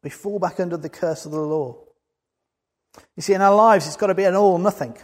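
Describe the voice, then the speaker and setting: A man's voice: sits high, a little fast. A man preaching a sermon in an earnest way, building to emphatic peaks. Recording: long hall reverb.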